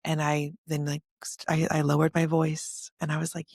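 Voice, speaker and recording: A woman who works as an energy healer, telling a story in a lively, vivid way during a casual podcast conversation. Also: deep voice, moderate pace, dry recording, clean studio sound.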